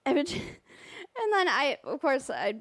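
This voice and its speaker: A young woman tells a story on a podcast in lively, profane casual chat. Her voice sits fairly high, and the sound is close and dry with no room around it. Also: slow pace, dry recording. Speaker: podcast co-host.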